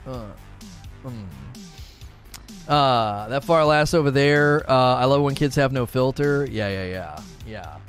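A man's voice: medium pitch, slow, faint music behind. Rambling, laugh-prone male streamer. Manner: rambling, laughs often, repeats words and phrases. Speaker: livestream host reading viewer chat. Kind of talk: casual livestream chat.

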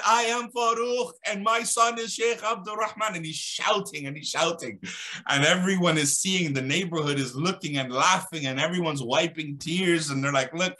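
A man telling a religious story as a guest speaker, animated and dramatic, building emphasis as he goes. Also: on the high side. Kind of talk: storytelling in an Islamic talk.

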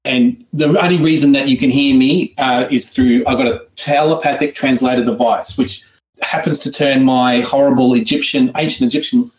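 A man's voice: medium pitch, steady tone, moderate pace. A man with an Australian accent hosts an online writing seminar in a casual, joking, rambling way with frequent restarts. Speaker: seminar host. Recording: roomy echo.

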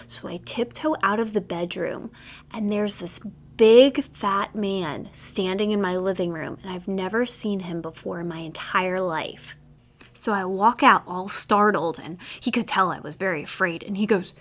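A woman's voice: mid-range voice, measured pace. A young woman hosting a casual solo podcast, ranting in a sassy, exasperated way with plenty of rhetorical questions. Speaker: podcast host.

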